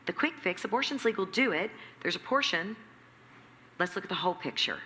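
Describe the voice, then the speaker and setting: A woman who runs a nonprofit, telling her story in an interview with lively acted-out quotes and emphatic repetition. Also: mid-range voice, fairly quick. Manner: animated, acts out quoted dialogue, emphatic repetition. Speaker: nonprofit CEO, interview guest. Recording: echoey hall with faint background noise.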